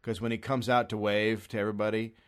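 A man's voice: on the low side, little pitch movement, fast talker. A man from America doing a rambling, profane comedy monologue, sarcastic and acting out little voices. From United States.

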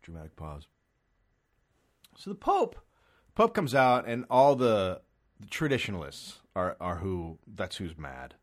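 A man's voice: fairly low pitch, very animated, a little slow. A man from America doing a rambling, profane comedy monologue, sarcastic and acting out little voices. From United States.

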